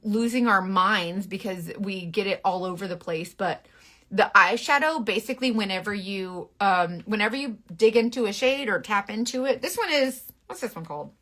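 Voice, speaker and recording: Bright, frank woman teaching makeup. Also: mid-range voice. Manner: chatty, frank and bossy, quick asides and mock baby voice. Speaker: makeup influencer. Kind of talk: casual makeup tutorial to camera.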